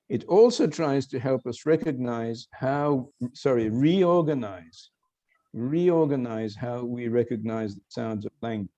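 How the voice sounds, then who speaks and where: An older man lecturing online as a professor, explaining slowly and quizzing his students. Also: medium pitch, creaky, warm tone. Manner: explanatory, questioning students, self-correcting.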